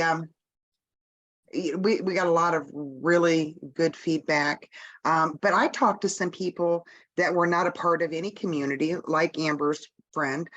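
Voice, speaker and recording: A woman's voice: low voice, muffled recording. A woman hosting a casual video-call chat, reflecting chattily on feedback.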